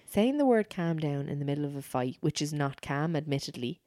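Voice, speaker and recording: Woman, low voice, dry close sound, casual emphatic chat. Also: lively intonation, a little fast, warm tone, no echo. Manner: chatty, emphatic, repeats herself. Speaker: podcast co-host.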